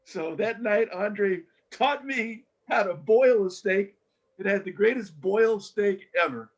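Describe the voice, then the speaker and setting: Older man telling lively stories. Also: high voice, a little slow, dull audio. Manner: animated storyteller with many restarts. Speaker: guest, former coach. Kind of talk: casual storytelling interview.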